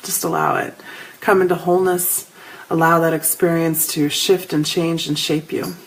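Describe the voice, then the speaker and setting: Her deep voice moves at a normal speed over slight background noise in a rough recording. She's a middle-aged woman hosting a spiritual live show, animatedly telling stories and casually addressing viewers by name.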